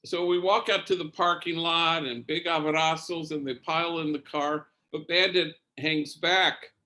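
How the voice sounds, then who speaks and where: A man, a priest, giving spoken testimony as an unhurried storyteller who often restarts his sentences. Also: fairly high pitch, steady tone, pushed and bright.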